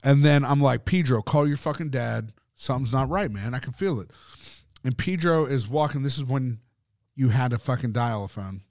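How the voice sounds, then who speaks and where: A man co-hosting a podcast in casual conversation, swearing freely as he rambles through a story with plenty of fillers. His voice sits at an ordinary middle pitch. The sound is dry, with no room echo. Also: moderate pace, darkish tone. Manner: profane, rambling, lots of fillers. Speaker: podcast co-host.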